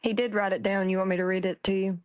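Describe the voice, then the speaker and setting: A woman's voice: medium pitch, steady tone, fast talker, dry recording. A woman on a live stream reading quoted questions aloud in a plain, matter-of-fact way.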